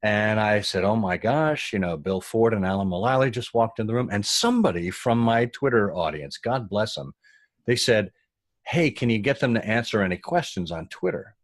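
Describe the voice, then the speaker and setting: A man with a low voice tells a story in casual conversation. He gets animated and acts out the voices of the people in it. The recording is dry and close. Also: moderate pace, no room sound. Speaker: guest.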